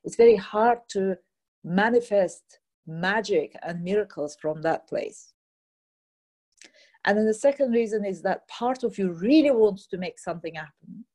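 A woman teaching a guided healing session, slow and soothing, leading phrases for others to repeat. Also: medium pitch, animated, warm tone.

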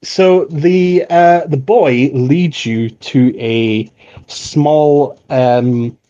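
A man narrating a tabletop role-playing game as game master, relaxed and rambling. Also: a little high, extremely slow, dull audio.

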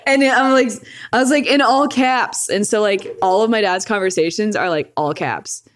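A woman in casual conversation who curses freely and laughs often as she talks. She slips into livelier voices when she quotes people. Her pitch sits in an ordinary middle range. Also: a little slow, pauses often. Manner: profane, laughs often, acts out quoted lines. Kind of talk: casual chat.

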